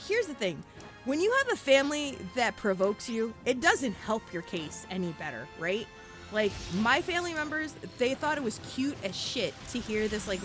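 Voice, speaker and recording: Lively woman streamer telling stories. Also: mid-range voice. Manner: animated storytelling, frequent laughter, casual cursing. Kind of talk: casual chat while streaming a game.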